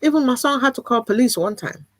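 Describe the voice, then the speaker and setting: A woman's voice: on the high side, lively intonation, fast talker, no echo. Earnest woman speaking over a dry video call. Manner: earnest, emphatic, repeats phrases for weight. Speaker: guest. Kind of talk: candid video-call conversation.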